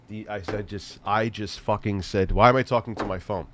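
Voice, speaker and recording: A male livestream host rambles through casual chat, cracking crude, profane jokes and frequently restarting his sentences. His voice is on the low side and fairly bright, with fairly even intonation, a moderate pace, and slight background noise.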